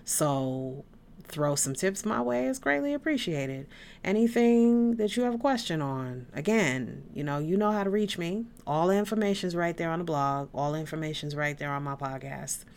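Low-voiced woman hosting a rambling podcast. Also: animated, moderate pace, a little mellow, a little hiss or hum. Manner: blunt, swears freely, talks in tangents. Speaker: podcast host. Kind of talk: casual rambling monologue.

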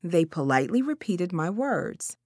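A woman reading a first-person story about a children's party in a deliberate, animated way. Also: fairly low pitch, dry recording, studio quality. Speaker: audiobook reader of a parent's story.

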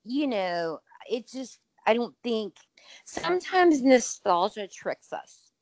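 A woman, around her forties, co-hosting a casual podcast, talking in an animated, emphatic way and swearing freely. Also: fairly high pitch, slow pace, dry recording. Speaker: podcast co-host. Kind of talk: casual chat.

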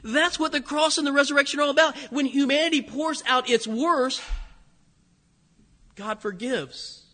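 A man preaching a sermon to a congregation in an animated, conversational way. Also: very high-pitched, moderate pace. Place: church sanctuary. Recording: hall reverb.

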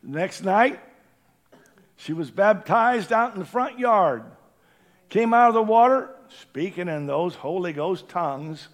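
Impassioned preacher man, fairly high voice. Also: animated, takes it slowly. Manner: impassioned, swings from hushed to shouting. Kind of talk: sermon. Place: church building during a service.

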